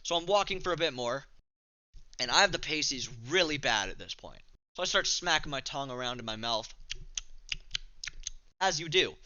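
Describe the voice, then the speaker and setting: A man's voice: fairly high pitch, sharp tone, clear, resonant tone, dry recording, dull audio. A young man from Canada casually telling a rambling, profane, self-mocking story to the camera. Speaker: vlogger.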